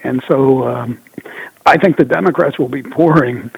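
A man calling in as a guest commentator, talking in a measured, hesitant way with many fillers. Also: mid-range voice, dry recording. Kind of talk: casual political talk. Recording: husky tinny phone line.

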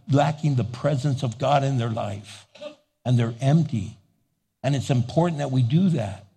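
A man's voice: high-pitched, darkish tone, husky. A male pastor preaching a sermon, calling out questions to the congregation. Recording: long church reverb.

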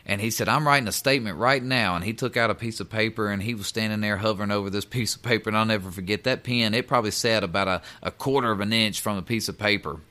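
A man's voice: lowish voice, fast, few pauses, pushed and bright. A man, a union representative, telling a workplace story in casual talk, earnest and repeating words as he goes.

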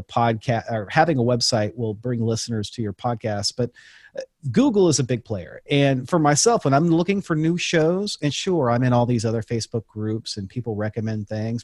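A man talks easily as a podcast guest, explaining things step by step with a few restarts along the way. His voice sits in a middle pitch. The sound is very dry with no room to it. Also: a little mellow, no room sound. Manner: conversational, explains with examples, frequent restarts. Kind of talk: casual interview talk.

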